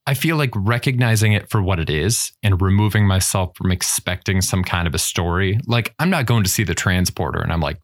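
A man's voice: low voice, brisk, hardly any pauses. A man co-hosting a podcast in casual chat, blunt and wry, with casual swearing. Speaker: podcast co-host.

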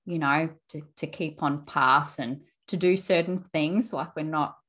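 A woman's voice: sits low, a little slow, fairly bright tone. A woman hosting an interview, affirming her guest and telling a personal story with frequent restarts. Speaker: interview host. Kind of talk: conversational interview.

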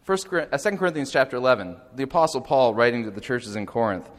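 A man's voice: medium pitch, lively intonation, quick pace. A male lecturer giving a critical talk, pointed and questioning. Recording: reverberant lecture hall.

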